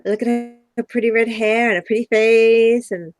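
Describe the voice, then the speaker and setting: A woman's voice: fairly high pitch, steady tone, normal speed, faint music behind. A woman chatting as a guest on a casual live stream, giggly and bubbly.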